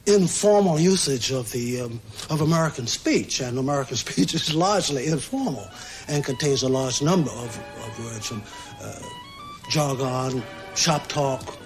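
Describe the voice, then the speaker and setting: A man in an archival interview, explaining things in a relaxed way, pausing with fillers. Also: mid-range voice, soft background music.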